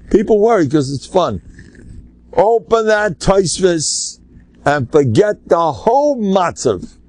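Older rabbi rambling through a torah talk, kinda high voice, dry sound. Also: male voice, a little mellow, dry recording. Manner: emphatic, rambling, sprinkles Yiddish and Hebrew terms. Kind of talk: animated Torah lecture.

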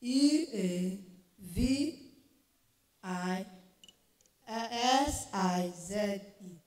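A woman or girl contestant spelling words letter by letter in a hesitant, halting way. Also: mid-range voice, animated, darkish tone. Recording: echoey hall, distant mic.

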